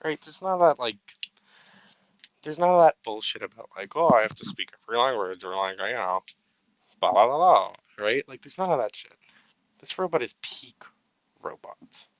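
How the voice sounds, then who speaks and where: A man's voice: mid-range voice, very animated, normal speed, dry recording, low-quality recording. A man co-hosting a casual, unedited podcast chat. He swears freely, laughs at himself and launches into mock-grandiose tributes. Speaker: podcast co-host.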